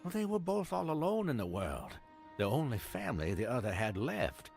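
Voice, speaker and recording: An actor playing an older man in a video game, gravely explaining a family's hidden past. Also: medium pitch, sing-song, normal speed, darkish tone, faint music behind. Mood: solemn.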